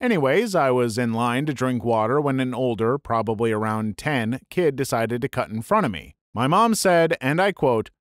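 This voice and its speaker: A man narrating online stories aloud in a steady, matter-of-fact read. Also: mid-range voice, normal speed, hardly any pauses, dry recording, studio quality. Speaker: story narrator.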